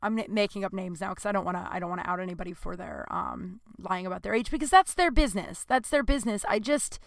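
A woman's voice: medium pitch, fast, gravelly, dry recording. A woman in her late thirties rambles through a casual confessional monologue, nervous and flustered, dropping swear words as she goes. Her voice sits in a middle range and sounds close and dry, with no room around it.

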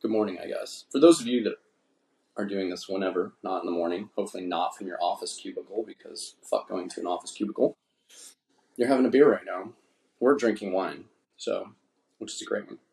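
Male podcast host, low gravelly voice, casual and foul-mouthed. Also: brisk, darkish tone. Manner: profane, rambling, laid-back. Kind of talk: casual chat. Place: indoors, drinking wine.

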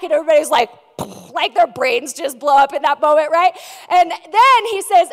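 A woman's voice: extremely high pitch, fast. A woman pastor preaching a sermon in a large church hall, praying earnestly and teaching with playful, chatty asides. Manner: soft and earnest in prayer, lively and joking in teaching. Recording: long hall reverb.

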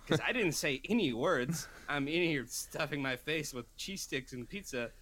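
Animated man telling a story in casual chat. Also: on the high side, moderate pace. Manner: animated storyteller, acts out quoted voices. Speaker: podcast co-host.

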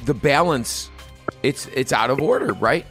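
A man reacting to a spooky story in casual chat, dramatic and excitable. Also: medium pitch, measured pace, music in the background.

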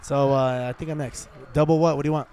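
A man's voice: a little high, steady tone, quick pace, a little mellow. A man hosting a casual party-game chat, joking, laughing often and swearing freely. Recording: music playing clearly behind. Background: music.

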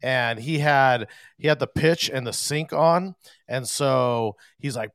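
A man hosting a casual chat, relaxed and laughing along. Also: on the high side, moderate pace, vocal fry, no room sound, clean studio sound.

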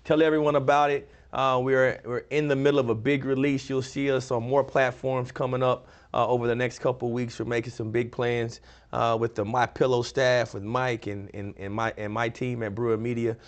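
A man's voice: medium pitch, level tone, moderate pace. A middle-aged man from Texas hosting a casual talk show, agreeing often and wrapping up with thanks and plugs. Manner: affirming, short agreeing replies. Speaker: host.

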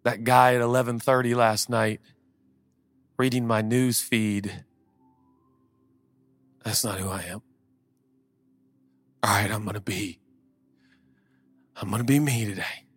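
A man preaching a sermon as pastor, swinging between loud impassioned calls and quiet conversational asides. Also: lowish voice, flat delivery, slow pace, long pauses, no room sound, big-room sound, faint music behind.

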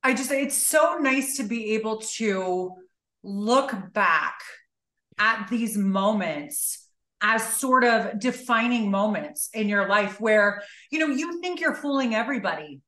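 Woman, podcast guest, blunt, swears a lot, bright tense voice, higher pitch, echoey room. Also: animated, slow pace. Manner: blunt, profane, emphatic. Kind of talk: candid conversational interview.

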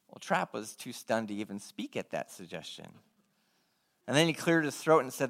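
A male preacher tells a story in an earnest, measured sermon. His voice sits at a middle male pitch, neither high nor low. He takes his time with each line and acts out the dialogue he quotes. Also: sing-song, gravelly.

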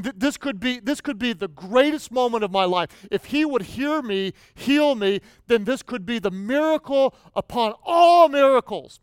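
Male pastor, high clear voice, close and dry, lively sermon storytelling. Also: no echo. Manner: animated storytelling, rising to near shouts.

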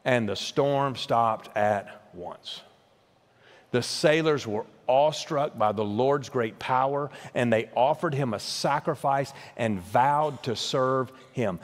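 A male pastor preaching a sermon, emphatic, often repeating words as he builds to a point and then dropping low and quiet. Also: unhurried. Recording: long hall reverb.

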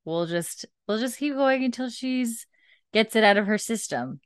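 A young woman co-hosting a podcast, recapping a TV episode in chatty, animated casual talk full of fillers. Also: a little high, normal speed, clean tone, no room sound, studio quality. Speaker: podcast co-host.

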